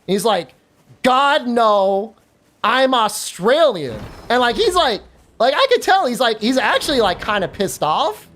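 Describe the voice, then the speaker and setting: A woman streamer chatting casually while gaming, telling an animated story with lots of fillers and free swearing. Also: on the high side, normal speed, slight background noise.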